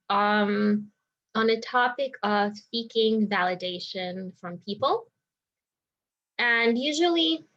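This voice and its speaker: A woman's voice: mid-range voice, a bit bright. A woman healer talking through a personal experience in a reflective vlog, circling her thoughts with many "like" and "you know" asides. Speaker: energy healer. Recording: dull lo-fi sound.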